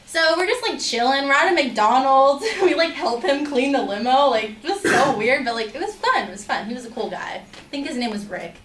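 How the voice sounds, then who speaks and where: Young woman storyteller, slightly high voice, chatty filler-heavy delivery, roomy distant mic. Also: expressive, a little fast, few pauses, a bit bright. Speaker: student storyteller. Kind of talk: personal story told to an audience.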